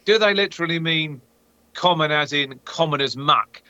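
A British man chats on a podcast in a bright, slightly high voice. He talks in a measured, thoughtful way. The recording is dry and close. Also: no echo, highs cut off. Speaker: podcast co-host. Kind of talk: casual chat.

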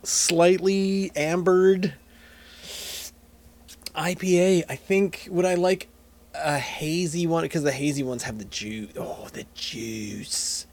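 A man's voice: fairly high pitch, takes it slowly, long pauses, darkish tone. Rambling man hosting a beer podcast. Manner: rambling, jokey, self-mocking. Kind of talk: casual solo chat while tasting beer.

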